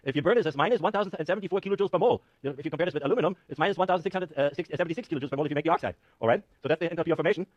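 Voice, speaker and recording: Man, professor, lecture, rapid speech, joking, dry close sound. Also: a little high, dry recording, dull audio. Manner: joking, animated, self-mocking. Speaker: university professor. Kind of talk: classroom lecture with live demo. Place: lecture hall.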